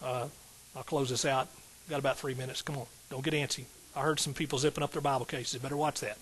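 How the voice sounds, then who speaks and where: A man's voice: mid-range voice, level tone, fast, fairly bright tone, slight background noise, low-quality recording. A middle-aged man, a pastor preaching a sermon in an emphatic call-and-response style with rising outbursts.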